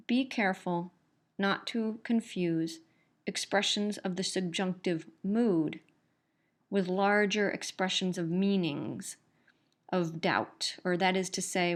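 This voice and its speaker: A middle-aged woman teaching an English grammar lesson, explaining patiently and repeating key points. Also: on the low side. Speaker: English instructor. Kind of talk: recorded grammar lecture.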